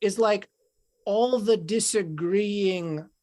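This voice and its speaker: A woman's voice: mid-range voice, very slow, warm tone. A woman in casual podcast conversation, talking in a meandering, reflective way and acting out inner voices.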